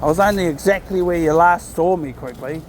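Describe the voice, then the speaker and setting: A man talking casually and reflectively while walking his dog in a park, sometimes calling out loudly to it. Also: fairly high pitch, brisk, noisy background. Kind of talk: casual outdoor vlog narration. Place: outdoors in a park.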